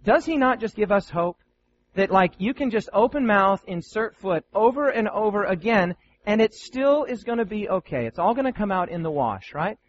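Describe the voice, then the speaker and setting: Lively, high-voiced male preacher. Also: normal speed, highs cut off, a little hiss or hum. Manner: animated, playful, full of rhetorical questions. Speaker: preacher teaching Bible students. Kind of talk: sermon.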